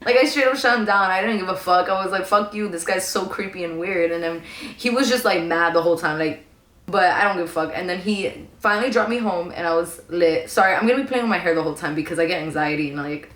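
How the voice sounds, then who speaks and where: A young woman telling a long storytime in a casual, animated, profane, slang-heavy way. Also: fairly low pitch, fast talker. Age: young adult. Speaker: vlogger. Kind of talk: storytime vlog. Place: her room at home. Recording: echoey room.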